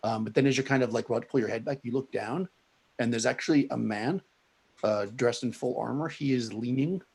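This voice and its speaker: Gravelly-voiced male game master. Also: medium pitch, a little fast, a little mellow. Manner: rambling, full of fillers and restarts. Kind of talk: narrating a tabletop game.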